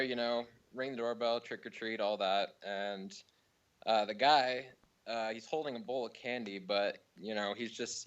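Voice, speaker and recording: Low-voiced young male caller on a phone line. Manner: rambling, deadpan, full of fillers. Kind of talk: prank story told over the phone.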